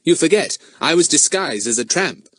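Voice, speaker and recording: A man voicing a clever, self-assured boy who leads a group of young sleuths, talking brisk and sure. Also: a little high, expressive, fairly bright tone, no room sound, voice pushed up. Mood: confident.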